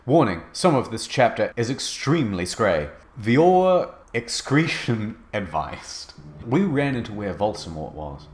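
A man narrating a fanfic as a comedic dramatic reading, in a mock-earnest deadpan. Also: fairly low pitch, measured pace.

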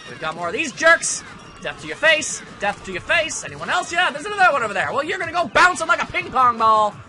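High, lively sarcastic young man. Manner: sarcastic, grumbling, bursts into shouts. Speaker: let's play commentator. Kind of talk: casual gameplay commentary. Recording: faint game music behind.

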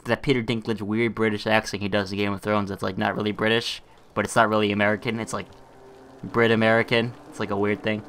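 A man's voice: lowish voice, level tone, fast talker, fairly bright tone, clean tone. A young man giving casual let's-play commentary, laughing and swearing freely as he plays. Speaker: gameplay commentator.

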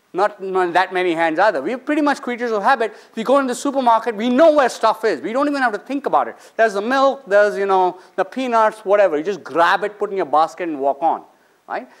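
A man's voice: sits high, expressive, fairly quick. A man, a finance professor, lecturing students in a conversational way, asking the audience questions and briefly acting out the people in his stories. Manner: acts out quoted people in short bursts.

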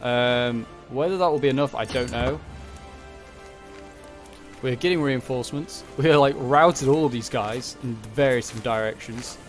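A young man giving casual commentary on a strategy game, thinking aloud and muttering quick reactions. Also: mid-range voice. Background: background music.

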